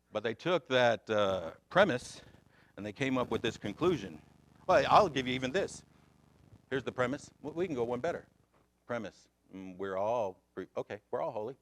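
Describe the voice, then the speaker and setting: An American man teaching a Sunday school Bible class, swinging between loud emphatic questions and quiet asides. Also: medium pitch, lively intonation, normal speed, long pauses, no echo.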